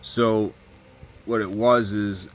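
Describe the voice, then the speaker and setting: A man's voice: lowish voice, steady tone, slow, a little hiss or hum. A man telling a story from prison in a casual, rambling way, full of fillers, restarts and swearing. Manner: rambling, heavy fillers and profanity, frequent restarts. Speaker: vlogger recounting prison stories.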